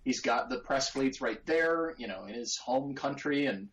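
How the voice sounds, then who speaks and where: A man's voice: medium pitch, animated, moderate pace, a bit bright, slight background noise, rough recording. A man talking as a podcast guest in an enthusiastic, agreeable, casual way.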